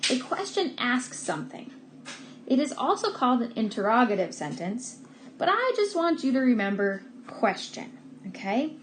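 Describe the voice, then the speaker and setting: Lively, expressive woman teaching first graders. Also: fairly high pitch, noisy background. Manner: patient, slow and emphatic on key words. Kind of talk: recorded remote grammar lesson for young children.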